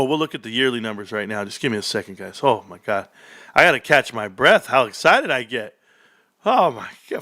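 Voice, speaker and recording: Excitable bright-voiced male streamer. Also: on the high side. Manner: excitable, exclamatory, talking to viewers. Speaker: stock streamer. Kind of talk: excited livestream commentary.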